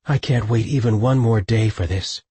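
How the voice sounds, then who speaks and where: A man voicing a desperate young woman lover in an audiobook, with a husky voice. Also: fairly low pitch, normal speed, mellow, dry recording. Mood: longing. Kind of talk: audiobook narration.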